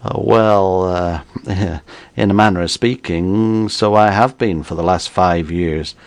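A man's voice: sits low, measured pace, smooth, no room sound. A man voicing a nervous, talkative escaped convict with an uneasy, slangy way of talking. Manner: uneasy, folksy drawl with slang.

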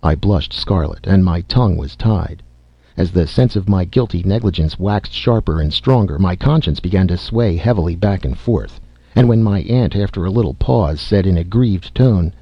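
A man narrating a story in a measured, dramatic reading style, in a slightly dull lo-fi recording. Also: low-pitched, lively intonation, slightly rough, no room sound.

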